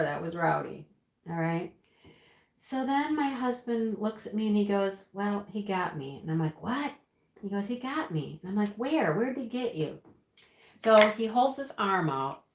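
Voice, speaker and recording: A middle-aged woman hosting a live stream, telling a story to viewers in a chatty, animated way and laughing often. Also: mid-range voice, reverberant.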